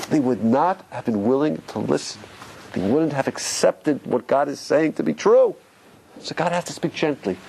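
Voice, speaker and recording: A man, a rabbi, teaching a lively Torah class, questioning his listeners and repeating key points for stress. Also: fairly high pitch, moderate pace, vocal fry, a little hiss or hum.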